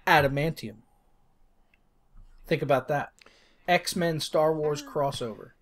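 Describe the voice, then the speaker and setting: A young man co-hosting a podcast, chatting casually, relaxed, laughing and swearing now and then. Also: a little high, slow pace. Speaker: podcast co-host. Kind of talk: casual chat.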